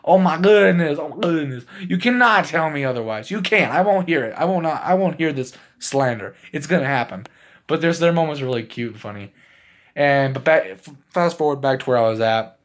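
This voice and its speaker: Rambling, excitable young-sounding man. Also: on the high side, fairly quick. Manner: rambling, filler-heavy, excitable, laughs often. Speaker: movie reviewer. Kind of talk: casual spoken movie recap.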